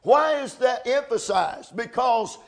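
A man's voice: very high-pitched, lively intonation, slow, creaky. A man as pastor preaching a sermon, reading scripture aloud and repeating key lines with emphasis.

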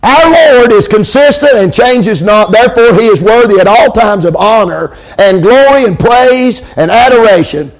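A preacher with a fairly high voice delivers his sermon. He calls for amens and repeats his lines for emphasis. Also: animated, normal speed, few pauses.

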